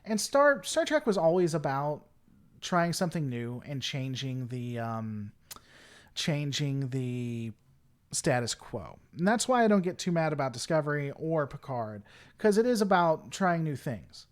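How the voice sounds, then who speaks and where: Lively, high-ish man rambling to chat. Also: measured pace. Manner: rambling, reads chat aloud and answers it. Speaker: livestream host. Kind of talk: casual chat with viewers.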